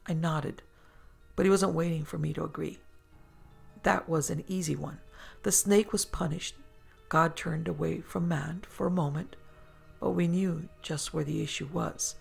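Gravelly woman narrating a horror story. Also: sits low, steady tone, soft background music. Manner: measured, dramatic storytelling. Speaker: host and narrator.

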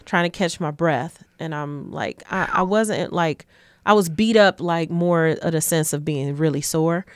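A woman from Detroit with a smooth, resonant voice sitting lower than most. She talks easily as an interview guest, relaxed and quick to laugh. The sound is close and dry. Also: no echo. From Detroit, USA. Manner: relaxed storytelling, laughs often. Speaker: guest, community advocate. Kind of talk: casual interview conversation.

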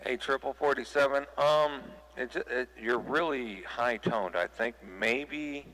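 A man's voice: medium pitch, unhurried, bright, forceful tone, long reverb tail, a little hiss or hum, low-quality recording. A man chatting casually over CB radio in a folksy, plain-spoken way, giving friendly advice to other operators.

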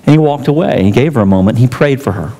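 A man preaching a sermon as pastor, telling stories and acting out quotes with emphatic pauses. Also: mid-range voice, expressive, dark tone. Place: church sanctuary. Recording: church hall reverb.

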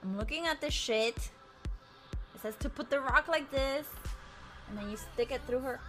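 A woman's voice: high voice, measured pace, fairly bright tone, soft background music. A woman streaming in casual chat, flustered and mocking herself.

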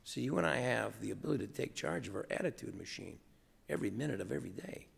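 A man's voice: medium pitch, lively intonation, quick pace, vocal fry, slightly rough. A man giving an enthusiastic motivational speech to college students, rallying the audience with call-and-response in a lecture hall. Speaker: guest speaker. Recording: roomy hall reverb, faint audience.

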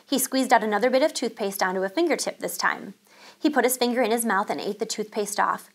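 A woman teacher reading a children's chapter book aloud, calm and expressive. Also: a little high, quick pace.

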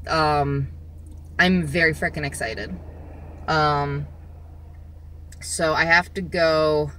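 A woman chatting casually in a vlog, rambling along with lots of filler pauses, filming herself on a phone outdoors. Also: deep voice, fairly bright tone. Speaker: vlogger. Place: outdoors in the sun.

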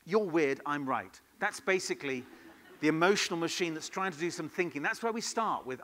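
A man leading an improv workshop at a conference, in a lively, playful way, throwing questions to the audience. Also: a little high, fairly quick, a little hiss or hum. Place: conference hall.

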